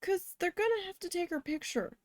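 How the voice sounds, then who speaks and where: A woman's voice: very high voice, lively intonation, brisk, dry recording. A woman chatting casually while she works on a craft, telling stories and talking to her cat. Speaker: crafting vlogger.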